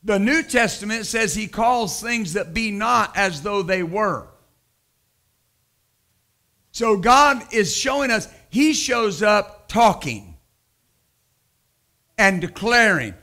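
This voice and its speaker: A middle-aged male pastor preaching with a high, bright, forceful voice. He pushes hard on key points, then drops into quiet, casual asides and stories. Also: lively intonation, slow pace, pauses often. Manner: emphatic preaching, swings from loud to quiet storytelling. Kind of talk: sermon.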